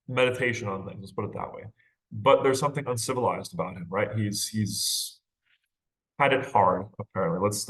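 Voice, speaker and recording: In a mid-range, fairly bright voice, a male literature teacher gives a relaxed recorded lecture on a short story. He stays conversational, laughing lightly and checking in with rhetorical "right?" and "okay?"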